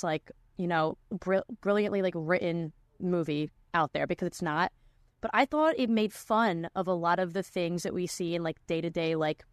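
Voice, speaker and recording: A woman's voice: lowish voice, no room sound, clean studio sound. A young woman hosting a podcast in casual chat, talking with lots of "like" fillers. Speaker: podcast host.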